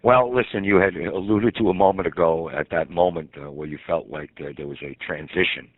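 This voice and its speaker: A man's voice: low-pitched, a little fast, no room sound. A man hosting a radio interview, encouraging his guest and asking long, winding questions. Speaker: radio host. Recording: dry, phone-like sound.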